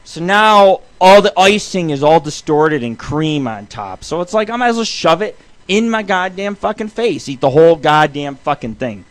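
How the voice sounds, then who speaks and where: A young adult man hosting a show from his home studio, ranting in a loose, swearing, excitable way. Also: on the high side, moderate pace, few pauses. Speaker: radio show host. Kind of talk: profane rambling monologue.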